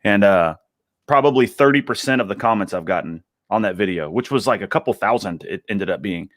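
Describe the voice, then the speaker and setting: Low-voiced joking man. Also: lively intonation, brisk, a bit bright, no echo, clean studio sound. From Texas, United States. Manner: joking, laughs often. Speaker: guest. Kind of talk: casual live chat.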